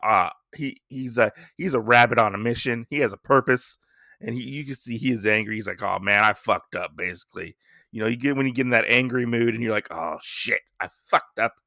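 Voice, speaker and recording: A man's voice: medium pitch, fast, gravelly, pushed and bright, dry recording, clean studio sound. A man hosting a podcast, casually recapping a comic story with lots of rambling fillers. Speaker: podcast host.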